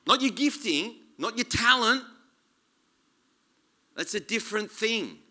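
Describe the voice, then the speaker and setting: Bright, lively male preacher. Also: sits high, takes it slowly. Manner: animated, conversational, jokey preaching with many restarts. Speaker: guest preacher. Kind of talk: sermon.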